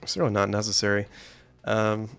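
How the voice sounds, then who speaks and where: A man's voice: lowish voice, little pitch movement, normal speed, vocal fry, a bit bright, clean tone, no room sound, soft background music. A man streaming a horror game, joking with chat and reading story text aloud. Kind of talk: gameplay commentary and story reading.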